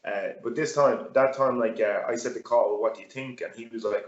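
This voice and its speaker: An Irish guest fighter and gym owner chats casually in an interview, rambling with many fillers and restarts. His mid-range voice has fairly even intonation and runs a little fast, and the audio sounds roomy and dull.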